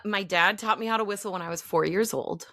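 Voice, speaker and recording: A woman guest who works as an acting and voice coach, explaining breathing in calm, instructive steps. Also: mid-range voice, fast talker, dry recording, clean studio sound. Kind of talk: conversational podcast interview.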